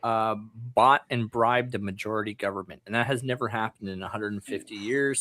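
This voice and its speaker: A man from Canada, hosting a podcast and signing off the show in a chatty way, with lots of filler pauses. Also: fairly low pitch, fairly bright tone. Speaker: podcast host. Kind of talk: casual show sign-off.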